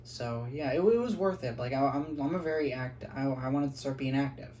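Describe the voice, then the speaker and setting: A man vlogging casually, earnest and grateful, talking haltingly with many fillers and restarts. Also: mid-range voice, darkish tone, slight background noise. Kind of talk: casual vlog talk.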